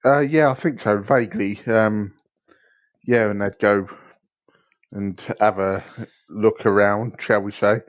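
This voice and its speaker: Slow, laid-back man, dull dry sound. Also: fairly low pitch, steady tone, dry recording. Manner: laid-back, short replies. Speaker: podcast co-host. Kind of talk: casual chat.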